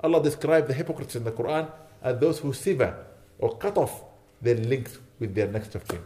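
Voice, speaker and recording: A man's voice: mid-range voice, lively intonation, brisk, dark tone, slight background noise. A man giving an earnest sermon, pleading with his listeners and rising to indignant emphasis. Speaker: imam.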